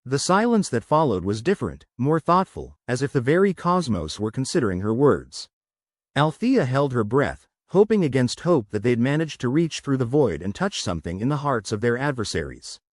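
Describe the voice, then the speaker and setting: A male narrator reads a sci-fi short story from a script, with lively, expressive pitch movement. The recording is dry and close, with no room sound. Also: brisk, few pauses, no echo.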